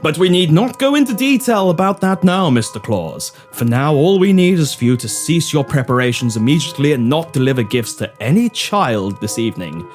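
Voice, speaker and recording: A man playing an elderly Santa, reading with grand, theatrical swings of pitch in a comedy audio drama. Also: very animated, a little fast, hardly any pauses, faint music behind. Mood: ominous. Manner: grandly dramatic, with sweeping rises and drops.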